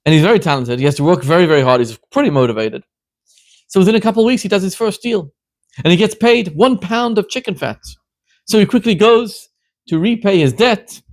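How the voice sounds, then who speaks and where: A man, a rabbi, delivering a sermon as an animated storyteller who builds to emphatic questions. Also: sits high, fairly quick, dry recording.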